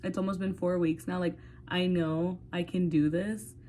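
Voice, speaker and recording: A woman's voice: on the low side, little pitch movement, moderate pace, warm tone, slight background noise. A woman in her twenties talking candidly to her phone in a rambling, casual vlog, swearing freely and saying "like" often. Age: 20s. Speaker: vlogger. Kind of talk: casual talk to camera.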